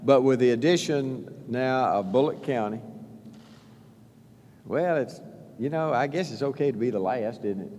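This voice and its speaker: A man giving a halting speech as governor at a press event, full of fillers and restarts. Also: mid-range voice, darkish tone. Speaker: state governor. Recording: long reverb in a large hall.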